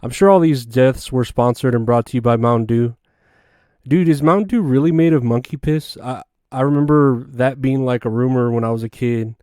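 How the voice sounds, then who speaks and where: A man's voice: mid-range voice, normal speed, dark tone, smooth, no echo, clean studio sound. Man rambling through a crude comedy monologue. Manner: rambling, crude, offhand jokes. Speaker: podcast host. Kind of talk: solo comedic podcast monologue.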